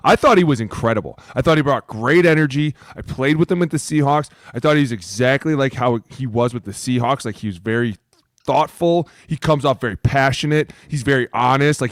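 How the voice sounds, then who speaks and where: A man, a former lineman co-hosting a sports podcast, talking bluntly and profanely in a casual, animated way. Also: medium pitch, no echo, clean studio sound.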